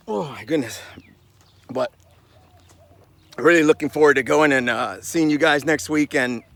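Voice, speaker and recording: A man's voice: a little high, creaky, fairly bright tone. A man doing a rambling comedy nature-walk vlog, out of breath and sighing between lines. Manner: breathless, rambling, Southern-flavored slang. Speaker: vlogger doing a comedy skit. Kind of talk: casual mock nature vlog.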